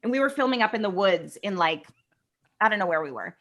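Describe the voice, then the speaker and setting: A middle-aged woman from California, a guest actress, chatting casually and telling stories in an animated way, acting out quoted dialogue. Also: mid-range voice, brisk. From California, USA. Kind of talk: casual interview storytelling.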